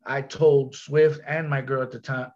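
A man telling a story on a podcast in a casual, animated way, full of slang, repeats and restarts. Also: medium pitch, unhurried, muffled recording.

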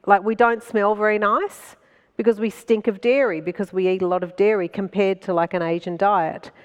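A woman's voice: medium pitch, steady tone, normal speed, clear, resonant tone, long reverb tail. A middle-aged woman telling self-mocking comic stories at a festival talk, often laughing through her lines. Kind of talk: comic storytelling to a live audience. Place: festival stage before an audience.

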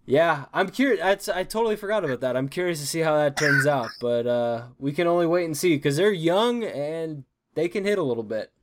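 A young man hosting a casual sports and gaming podcast, talking in an easygoing, relaxed way. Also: a little high, a little fast, hardly any pauses. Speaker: podcast host.

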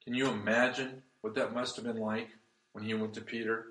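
A pastor preaching a sermon, swinging between loud emphasis and hushed, soft passages. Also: male voice, on the low side, level tone, a little fast, echoey room, poor audio.

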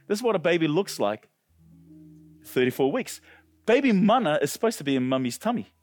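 A male pastor preaching a sermon with passion, often climbing to loud, high peaks. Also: sing-song, brisk. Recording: dry close sound with faint music.

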